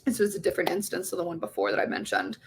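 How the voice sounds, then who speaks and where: A woman's voice: fairly low pitch, very animated, very fast, a little hiss or hum. A young woman as an interview guest, candidly telling a personal story, swearing often and acting out the voices of others. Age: young adult.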